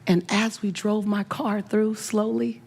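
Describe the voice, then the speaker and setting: A middle-aged woman with a mid-range voice tells a personal story to an audience as a motivational speaker. Her delivery is animated and emphatic, and she leans on repeated phrases for effect. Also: mid-range voice, a little slow, gravelly, breathy edge. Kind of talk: emotional storytelling talk.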